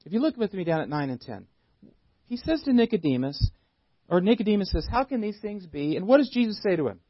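A man's voice: high voice, big pitch swings, brisk, husky, no room sound, highs cut off. A male pastor preaching a sermon, asking one question after another and often repeating words as he thinks.

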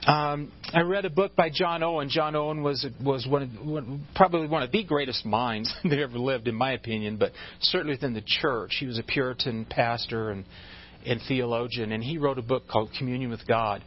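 A man's voice: medium pitch, fairly quick, lo-fi sound, slight background noise. A man preaching a sermon in a conversational way, restarting phrases and joking with his congregation. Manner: conversational, with frequent restarts and asides. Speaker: pastor.

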